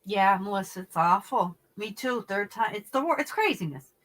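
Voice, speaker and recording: A middle-aged woman hosting a casual livestream, chatting with viewers and telling stories in an animated, blunt way with some swearing. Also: medium pitch, moderate pace, rough recording. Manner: chatty, reads and answers viewer comments. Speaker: livestream host.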